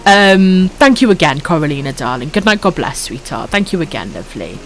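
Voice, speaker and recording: Low, sing-song and fairly quick, this Welsh woman in her thirties talks over faint music during a casual late-night stream. She swears a lot, giggles, reads out the chat and fondly calls viewers pet names.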